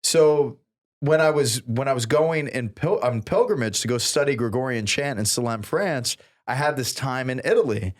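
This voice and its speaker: A man co-hosting a podcast, telling a story in a casual, animated way and acting out the people he quotes. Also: mid-range voice, normal speed. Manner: animated, acts out quoted voices with big laughs. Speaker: podcast co-host. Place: podcast studio.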